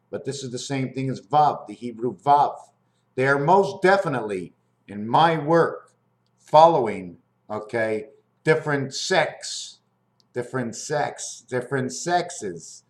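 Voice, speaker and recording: A man's voice: mid-range voice, a little slow. A man musing in a rambling, free-associating monologue at home, asking his viewers questions as he explains his designs. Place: at home near his fridge, indoors.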